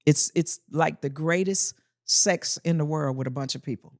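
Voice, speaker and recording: A woman's voice: sits low, normal speed, no echo, clean studio sound. A woman comedian, a guest on a podcast, telling punchy, earthy stories in casual chat. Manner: animated, punchy storyteller with earthy humor.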